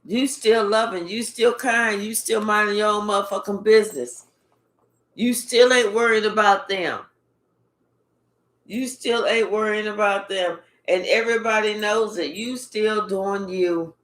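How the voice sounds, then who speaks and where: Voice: medium pitch, a little slow, a bit bright. A spiritual reader giving a casual reading in a blunt, profane, repetitive way. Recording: echoey room.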